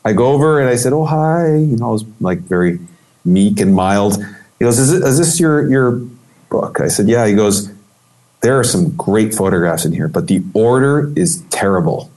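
His voice sits on the low side and keeps a normal speed. The middle-aged man is a photographer being interviewed casually, and he relates a long, vivid anecdote, animatedly playing out everyone he quotes.

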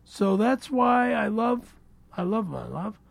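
A man reading ads on a comedy podcast, halting and stammering, nervous and repeating himself. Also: high-pitched, sing-song, gravelly, dry recording. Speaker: show regular reading ads. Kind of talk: casual comedic podcast banter.

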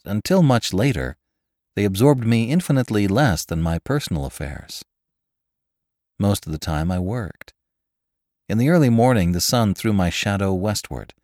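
A man narrating a classic novel in a measured, expressive reading. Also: lowish voice, no echo, studio quality. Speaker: audiobook narrator.

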